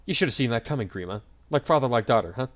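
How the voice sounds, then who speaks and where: Defiant young swordsman, cold and sharp, man reading. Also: medium pitch, animated, quick pace, close to an everyday voice. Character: angry young male swordsman hero.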